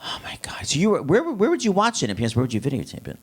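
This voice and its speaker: A talk show host, a man with a higher-pitched, breathy-edged voice, rattles through comic stories at great speed during a live stage interview. He's animated and laughs a lot, acting out quotes in big voices.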